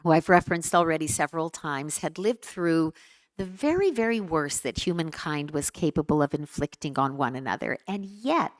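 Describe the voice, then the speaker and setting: A woman giving an earnest keynote speech at a conference, measured and emphatic, repeating words for weight. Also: low voice, expressive. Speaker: keynote speaker. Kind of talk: formal speech. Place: conference hall.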